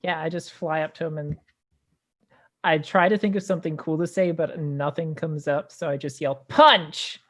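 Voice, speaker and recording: Woman player, low pitch, relaxed and playful. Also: normal speed. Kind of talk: tabletop game play.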